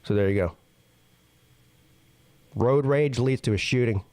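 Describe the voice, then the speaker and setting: A man's voice: measured pace, darkish tone, no room sound. A male show host reading news stories aloud and breaking in with blunt, profane reactions. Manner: reads headlines then reacts with blunt, profane asides; jumps high in pitch when incredulous. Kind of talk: casual news reading with commentary.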